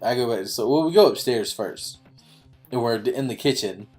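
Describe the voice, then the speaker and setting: A man's voice: medium pitch, lively intonation, brisk, darkish tone, soft background music. A man hosting a gaming channel, telling a rambling, self-mocking story packed with fillers. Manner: chatty, self-mocking, full of "you know" fillers. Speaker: YouTube gaming channel host. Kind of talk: rambling casual storytelling over gameplay.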